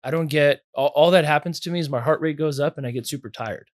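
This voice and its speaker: A man in casual podcast conversation, relaxed and anecdotal, often laughing. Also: fairly high pitch, fast talker, no room sound, studio quality.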